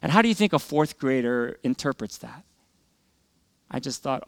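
A middle-aged man preaching and telling a personal story in earnest, rising loud and falling to near whispers. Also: medium pitch, expressive, moderate pace, long pauses. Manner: earnest, emotional storytelling that swings from loud to hushed. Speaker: pastor. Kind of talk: sermon testimony.

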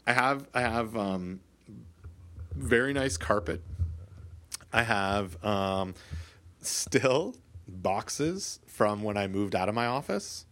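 A man's voice: fairly low pitch, animated, slow pace, long pauses, pushed and bright. A man co-hosting a podcast from his office, talking in a rambling, playful way that keeps stopping and restarting. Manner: rambling, self-interrupting, playful. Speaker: podcast co-host. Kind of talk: casual chat.

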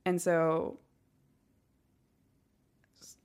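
A woman's voice: on the low side, flat delivery, extremely slow, a little mellow, smooth. A woman with a Northwest Arkansas accent, chatting casually and giggling often, thinking aloud with many fillers. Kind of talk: casual podcast chat.

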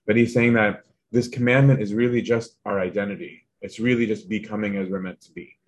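A man's voice: fairly low pitch, steady tone, a little fast. A man giving an informal spiritual lesson in a conversational way, often checking in with "right?" and retelling a text with animation. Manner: conversational, tags lines with "right?". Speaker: teacher.

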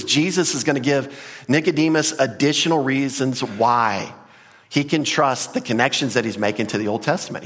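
A man's voice: mid-range voice, fairly bright tone. A man preaching a conversational, earnest verse-by-verse sermon, often restarting his sentences. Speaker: pastor. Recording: long hall reverb.

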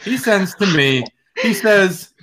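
A man's voice: high-pitched, expressive, slow, a bit bright. A man co-hosting a casual podcast chat, telling joking stories and swearing freely. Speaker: podcast co-host.

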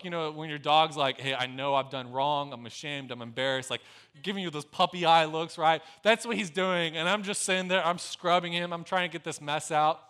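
A young man preaching a sermon as pastor, telling a story in an earnest way. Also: high voice. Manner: storytelling, earnest, dropping to a soft hush in prayer.

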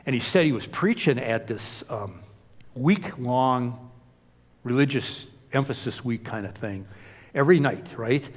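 A man's voice: mid-range voice, animated, measured pace, long reverb tail. A man preaching a sermon in a conversational way, with many casual asides. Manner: conversational, frequent "you know" asides. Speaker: pastor.

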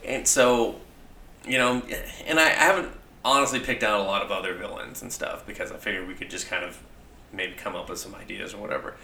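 A young man chatting casually and profanely, full of "like", acting out quoted lines as he pitches a story. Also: a little fast, vocal fry, sharp tone. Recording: echoey room.

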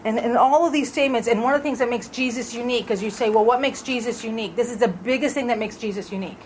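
A woman's voice: a little high, fast talker, slight background noise, rough recording. A woman leading a Bible study in a conversational way, asking the group questions as she reads through verses. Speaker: Bible teacher.

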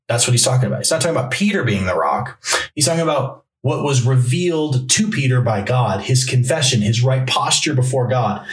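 A male pastor preaching a sermon, reading Bible passages aloud and driving points home through emphatic repetition. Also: mid-range voice. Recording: roomy echo, mic from a distance.

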